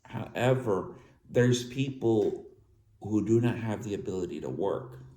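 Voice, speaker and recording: A man in his thirties talks slowly to his viewers in a low, mellow voice. He has a slight lisp and a halting way of speaking, often restarting his phrases. The sound is echoey, with faint ambience in the room behind him. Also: lively intonation. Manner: halting, with restarts and filler words. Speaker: vlogger. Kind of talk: personal talk to viewers.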